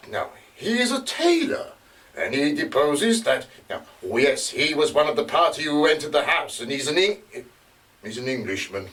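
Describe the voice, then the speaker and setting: An actor playing a male investigator who reports witness testimony in a live stage drama, often pausing with hesitations. He is recorded from a distance. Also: on the high side, a bit bright, heavily acted. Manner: halting, with frequent hesitations. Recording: distant mic.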